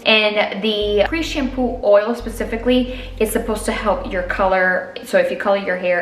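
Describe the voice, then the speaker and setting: Upbeat woman doing a hair how-to vid, chatty, roomy echo, bit of music underneath. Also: medium pitch. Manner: chatty, upbeat, talks through each step. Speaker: beauty vlogger. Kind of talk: casual hair tutorial and product review. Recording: echoey room with faint music.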